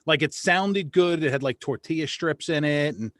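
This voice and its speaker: A man's voice: fairly high pitch, normal speed, fairly bright tone, no room sound. A man hosting a casual talk show, blunt and profane, often restarting his words. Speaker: podcast host. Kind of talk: casual chat.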